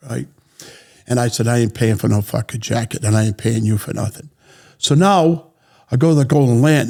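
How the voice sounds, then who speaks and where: A man telling a story in a blunt, profane, animated way as an interview guest. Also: mid-range voice, creaky, breathy edge. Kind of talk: casual storytelling.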